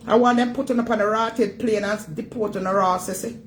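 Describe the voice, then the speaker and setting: A woman's voice: mid-range voice, steady tone, brisk, slight background noise, rough recording. A Jamaican woman hosting a vlog, scolding and emphatic in her Jamaican Patois, repeating her points as she rants. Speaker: vlog host. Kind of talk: ranting commentary.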